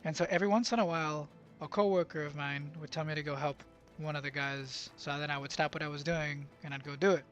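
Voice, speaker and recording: A man's voice: on the high side, steady tone, quick pace, fairly bright tone, dull audio, soft background music. A young man telling a confusing story from his job site in a casual, rambling way, full of fillers and restarts. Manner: bilingual, speaks Spanish at work. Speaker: vlogger.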